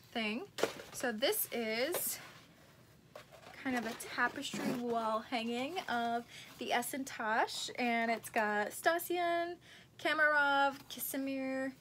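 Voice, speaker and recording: A woman's voice: fairly high pitch, fairly bright tone, slight background noise. A young woman chatting casually as she unboxes book merchandise, gushing and easily awed.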